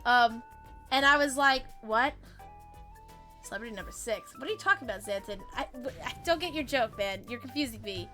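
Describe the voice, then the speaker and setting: A woman with a high, sharp-edged voice chats with her stream while playing. She tells stories in a loose, chatty way, swears freely and laughs easily, then breaks off to answer her chat. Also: lively intonation, fast talker, soft background music. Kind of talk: casual chat while gaming, storytelling to chat.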